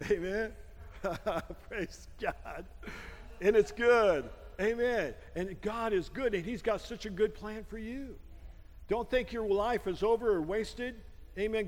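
A man's voice: high voice, long reverb tail. An older man, a pastor, preaching a sermon in a loose, joking, conversational way, with frequent amens. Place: church sanctuary.

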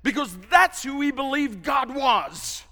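A man's voice: very high-pitched, lively intonation, a little slow. Male pastor preaching, dramatic, swoops up and down a lot, big hall reverb. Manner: emphatic, dramatic, shouting at peaks. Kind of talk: sermon.

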